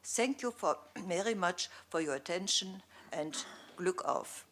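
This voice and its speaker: German-accented woman, somewhat low voice. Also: animated, a bit bright, slight background noise. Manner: careful, slightly halting, clears throat. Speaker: visiting civic representative. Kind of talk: formal ceremonial speech.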